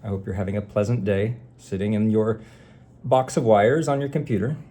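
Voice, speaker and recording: A man's voice: lowish voice, steady tone, moderate pace, warm tone. A man delivering a sarcastic, exasperated rant straight to camera, talking to an unseen listener. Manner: sarcastic, exasperated, addresses the algorithm directly. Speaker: vlogger. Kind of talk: ranting monologue to camera.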